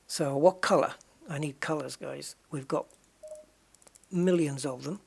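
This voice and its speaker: A man chats casually on a game stream, thinking aloud and tossing jokes to his viewers. His voice sits a touch high for a man, with a gravelly, husky edge. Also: unhurried. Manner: musing aloud, chatty, jokey asides to viewers. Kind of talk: casual live-stream chat.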